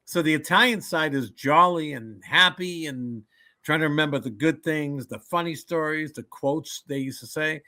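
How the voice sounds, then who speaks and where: Man, comedian, podcast guest, bright forceful voice, animated storyteller, restarts sentences. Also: on the high side, normal speed. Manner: animated storyteller who acts out quoted people; frequent restarts and stammers when thinking. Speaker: comedian and motivational speaker. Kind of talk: casual podcast interview.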